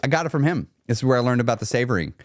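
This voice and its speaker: A man coaching on weight loss during a live chat stream, blunt and emphatic, repeating his key points, and going quieter when he talks about himself. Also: mid-range voice, very animated, very fast, no echo, clean studio sound.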